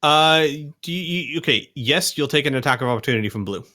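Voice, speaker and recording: A man running a tabletop game as game master, narrating and ruling with quick, lively talk and frequent laughs. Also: on the high side. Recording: home podcast recording.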